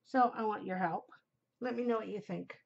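A woman's voice: mid-range voice, normal speed, gravelly, darkish tone, lo-fi sound, a little hiss or hum. A middle-aged woman hosting a podcast, chatting casually and giggling, easily distracted. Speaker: podcast host. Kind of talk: casual chat to camera.

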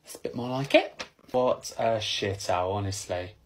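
A man playing a bossy, complaining kidnapped woman in a comedy sketch, deadpan and swearing. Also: lowish voice, normal speed, slight background noise, close to an everyday voice. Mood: indignant.

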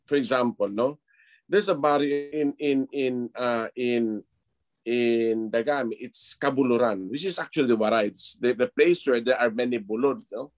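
Measured priest on a video call. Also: male voice, medium pitch, dry recording. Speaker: priest and panelist. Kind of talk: online panel discussion.

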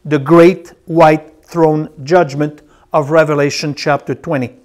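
Guy teaching scripture, slow, says every line twice, slightly high voice. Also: fairly even intonation, a little mellow. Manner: slow, repeats key phrases, tells students to circle words. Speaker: Bible teacher. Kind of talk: classroom Bible lecture.

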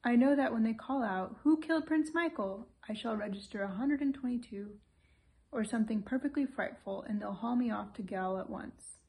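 A woman's voice: a little high, moderate pace, darkish tone, natural voice. A woman voicing a grumbling, fussy old English lord who complains plaintively in an audiobook reading.

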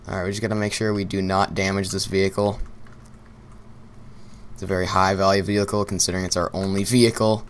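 A man's voice: low voice, little pitch movement, quick pace, pauses often, a little hiss or hum. A young man giving casual gameplay commentary, rambling and repeating himself while he plays, often laughing. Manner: rambling and repetitive, talking to himself, with bursts of laughter.

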